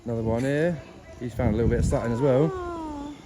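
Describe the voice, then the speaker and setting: A young man narrates his climb in an easygoing, self-deprecating way, panting between remarks. He speaks at a middling pitch. His handheld camera picks up his voice along with plain, steady outdoor noise. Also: fast. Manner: chatty, self-mocking, breathless asides. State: out of breath. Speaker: travel vlogger. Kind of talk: casual vlog narration while hiking. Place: outdoor hillside stairway. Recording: outdoor camera audio with clear background noise.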